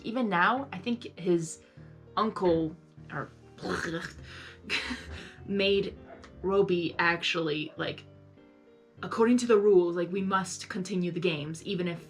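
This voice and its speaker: A young woman chatting through a live reaction to an episode. She rambles along, fills her talk with "like", and argues with the characters on screen. Faint music sits underneath her. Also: on the low side. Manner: chatty, lots of "like", talks back to the characters. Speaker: reaction video host. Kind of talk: casual live reaction commentary.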